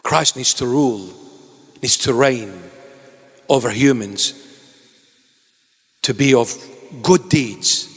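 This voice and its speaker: A man's voice: medium pitch, takes it slowly, pauses often, husky, big-room sound. A man preaching a sermon, pleading and impassioned, breaking into joking asides.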